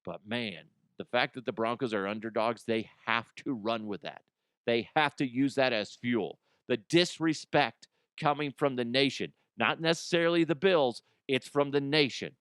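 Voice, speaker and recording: A man hosting a comedic football rundown, with an irreverent, profane and animated delivery. His voice sits at a middle pitch, and the recording is dry and close with no room echo. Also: moderate pace, clean tone. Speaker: host. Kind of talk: comedic sports commentary.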